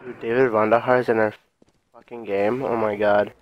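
A man's voice: on the low side, little pitch movement, moderate pace, muffled recording. A young man doing casual gameplay commentary, crude and self-mocking, mumbling while he eats. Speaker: gaming co-host.

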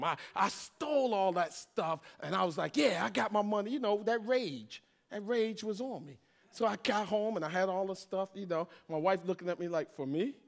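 High-voiced pastor telling a funny testimony. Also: male voice, vocal fry. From Washington, D.C. area. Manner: animated storytelling, jokes with congregation. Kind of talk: sermon testimony with humor.

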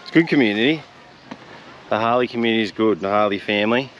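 Casual Australian vlogger, young man, fairly low voice, easygoing banter, heavy outdoor noise. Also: quick pace, fairly bright tone, muffled recording. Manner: laid-back, chatty, laughs often. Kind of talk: casual vlog chat. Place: outdoors by the road and beach, windy. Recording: outdoor noise from wind and traffic.

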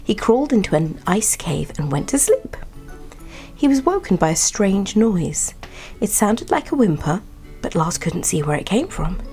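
Soft-voiced woman reading a bedtime story. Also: mid-range voice, sing-song, normal speed, faint music behind. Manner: soft, partly whispered.

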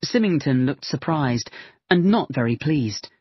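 A male audiobook reader tells the story at a slow, measured pace. His voice is slightly husky. The recording sounds dull and very dry. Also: a little high, animated, dry recording. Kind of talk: scripted narration.

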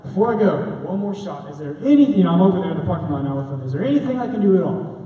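A man's voice: high voice, racing, recorded from a distance. Young man preaching in an echoey hall. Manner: casual storytelling, slangy, animated. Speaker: student speaker. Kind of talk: testimony sermon at a rally.

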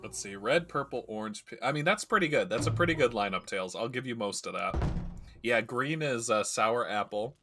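Bright-voiced chatty male streamer. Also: medium pitch, expressive, normal speed, slight background noise. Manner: chatty, rambling storyteller. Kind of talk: casual gameplay commentary.

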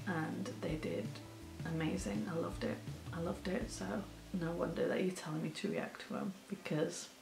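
A woman's voice: low-pitched, vocal fry. A woman hosting a reaction video, tearful and crying, gushing with praise and laughing through her tears. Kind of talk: emotional reaction commentary. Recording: roomy echo.

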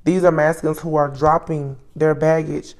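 A woman giving a solo tarot reading, musing aloud as she names each card, with soft exclamations along the way. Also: deep voice, level tone, normal speed. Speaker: tarot reader.

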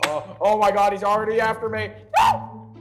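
A man's voice: high-pitched, steady tone, fast talker, a bit bright, faint music behind. A man playing a game with a friend, joking and begging in mock panic while being chased. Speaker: guest player, host's friend. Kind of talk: casual gaming banter.

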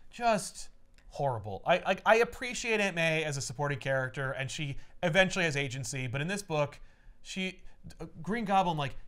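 A man on a casual comic book podcast, recapping a story with profane jokes and quick voices for the characters. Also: on the high side, clear, resonant tone. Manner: animated, profane, acts out characters in jokey voices. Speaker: podcast co-host.

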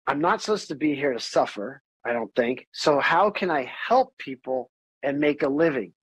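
Middle-aged man, podcast guest, animated and candid, somewhat high-pitched, dry close sound. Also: normal speed, breathy edge, no echo, low-quality recording. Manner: animated, candid, swears freely, acts out quoted voices. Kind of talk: casual interview conversation.

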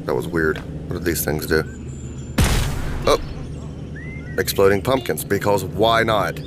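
A man's voice: low voice, measured pace. A man hosting a gaming channel, giving goofy, crude gameplay commentary and slipping into silly voices. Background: game music and sounds.

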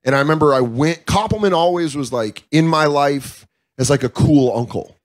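Guest: man, somewhat high voice, frank and profane, casual chat. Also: moderate pace. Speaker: comedian guest. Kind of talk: candid casual interview talk. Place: comedy club.

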